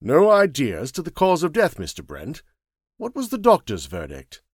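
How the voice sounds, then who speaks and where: A man's voice: fairly high pitch, huge pitch swings, moderate pace, breathy edge, no room sound, studio quality, pitched above the performer's own voice, heavily acted. A man voicing a heavily built, dull-looking male detective in an audiobook, speaking bluntly and curiously. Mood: probing. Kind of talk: audiobook character reading.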